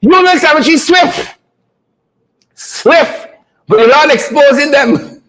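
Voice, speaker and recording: A man hosting a comedic commentary segment, teasing in a preacher-like way with drawn-out punchlines. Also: very high-pitched, expressive, fairly bright tone, poor audio. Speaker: show host.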